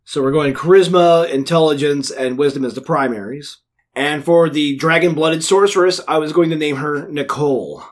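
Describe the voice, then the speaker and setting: A man with a slightly higher voice than most, hosting a casual podcast chat. He keeps things playful and jokey, trading puns and explaining his ideas at length. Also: normal speed. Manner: playful, punning.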